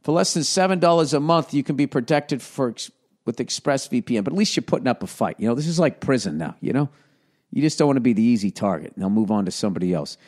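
A man's voice: mid-range voice, expressive, fast, darkish tone. Podcast host, middle-aged man, Boston accent, sarcastic ad reads full of swearing riffs. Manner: profane, sarcastic, shifts between reading copy and riffing. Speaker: podcast host reading ads. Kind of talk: ad read with riffing asides.

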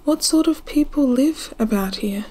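A woman's voice: lively intonation, normal speed. A woman voicing a timid, polite young girl in a storybook, with a lifted, half-whispered voice. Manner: soft, half-whispered, raised pitch. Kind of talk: storybook reading.

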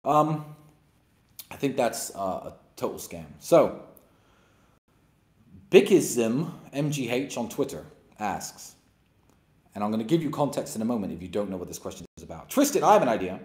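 A man's voice: fairly low pitch, animated, normal speed, pauses often, a little mellow. A man hosting a live stream, talking bluntly and emphatically in a mocking, opinionated monologue. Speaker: livestream host. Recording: roomy echo.

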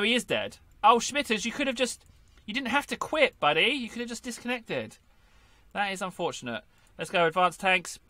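A high, lively, playful man commentating a game. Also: no echo. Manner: playful, jokey, talks to himself. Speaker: gaming video host. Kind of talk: casual gameplay commentary.

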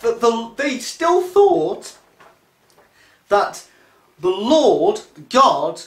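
Give me a vlogger with a sarcastic, animated delivery, recorded in a roomy, echoing space. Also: mid-range voice, drawn-out words. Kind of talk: casual religious commentary monologue.

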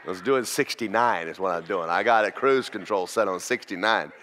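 A man teaching a church class, preaching in a folksy, animated storytelling way. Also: lowish voice, fairly quick, slight background noise. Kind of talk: sermon.

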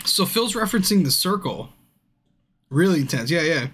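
Drunk dude on a game stream, voice a bit high, cusses nonstop, yells at the screen. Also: male voice, big pitch swings, normal speed, husky. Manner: profane, swears constantly; bursts into yelling at the screen. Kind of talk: casual livestream commentary. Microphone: streaming mic.

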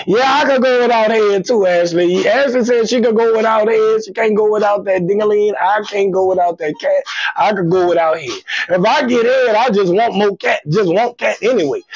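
A man hosting a live comedy stream, telling raunchy stories loudly with shouted outbursts and groans, and chatting with viewers by name. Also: high voice, no room sound. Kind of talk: raunchy comedic livestream monologue. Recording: dull lo-fi stream audio.

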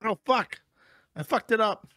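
A man's voice: high-pitched, a little slow, bright, forceful tone, dry recording. A man hosting a stream and giving casual, wry commentary over clips. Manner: dry, wry, rambling. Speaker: show host.

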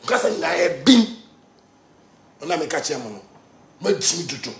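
A Ghanaian man goes off on a live stream in a high, gravelly voice. He is animated, mixing pidgin with local words and bursting into shouts. The sound is roomy and echoey. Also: moderate pace, background noise. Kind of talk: heated live-stream rant.

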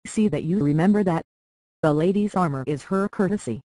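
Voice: medium pitch, a little fast, dark tone, no room sound, lightly acted. A frosty, dignified noble lady, as an audiobook reader puts her on, stern and reproving. The recording is dry and close.

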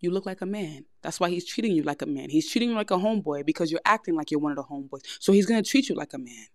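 A woman's voice: sits low, lively intonation, racing, dry recording, studio quality. A young woman with a New York accent, hosting a podcast and giving frank, blunt advice in a casual monologue. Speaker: podcast host.

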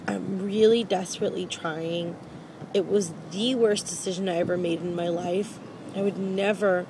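A woman talking straight to the camera in a personal vlog, her speech wandering and circling back with lots of fillers. Her voice sits at an ordinary middle pitch. A steady hiss of background noise runs under the recording. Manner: rambling and repetitive, with many fillers. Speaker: vlogger.

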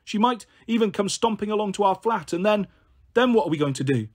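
A man's voice: high voice, lively intonation, a little fast, voice pushed up. A man voicing an anxious, flustered young girl looking after her siblings in a read-aloud story. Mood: urgent flustered. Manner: urgent, flustered.

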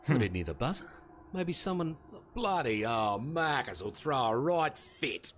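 An actor playing an easygoing, slow-witted security guard with an Australian accent, rambling and hesitant in video game dialogue. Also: male voice, medium pitch, very animated, a little hiss or hum. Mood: flustered. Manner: rambling, hesitant, full of slang.

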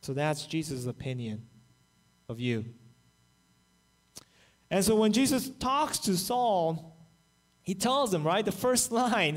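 Man, pastor, sermon, high voice, animated storytelling. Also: takes it slowly, pauses often. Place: church, online service.

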